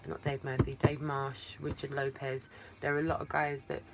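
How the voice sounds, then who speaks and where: With a rumbling low voice that barely moves in pitch, an Englishwoman talks at normal speed, a slight hiss or hum in the audio. She's hosting a casual livestream from a phone set some way off, affectionately rambling, calling people darling, her voice weary from a long day of talking.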